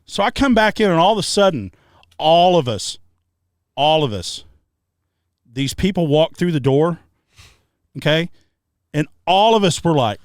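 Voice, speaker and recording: A man co-hosting a podcast, telling stories in casual chat, animated and profane, shouting out the lines he quotes. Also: a little high, unhurried, long pauses, no room sound, clean studio sound. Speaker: podcast co-host. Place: treehouse hangout.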